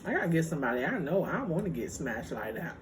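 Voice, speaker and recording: Woman vlogger, lively swooping low voice, playful chat over food, noisy home recording. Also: fast. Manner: playful, chatty, laughs often. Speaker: mukbang vlogger. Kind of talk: casual chat while eating.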